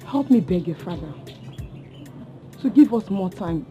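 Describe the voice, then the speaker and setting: A woman's voice: lowish voice, lively intonation, measured pace, dark tone, faint music behind. An actress with a Nigerian accent playing a grieving young woman who keeps begging for more time to pay a debt. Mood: pleading. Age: young adult. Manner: pleading, imploring. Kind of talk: Nollywood film acting. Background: film score.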